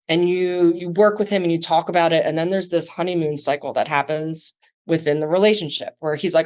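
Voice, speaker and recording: A woman's voice: sits low, steady tone, brisk. A woman guest on a podcast, talking through a scenario in a storytelling way and acting out the quoted dialogue. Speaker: guest, self-defense instructor. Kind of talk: conversational podcast interview.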